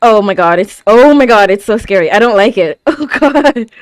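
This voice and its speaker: Reacting live to an anime episode, a woman with a medium-pitched, expressive voice speaks at a moderate pace in a dry recording. Her commentary is packed with gasps, stammers, and nonstop exclamations.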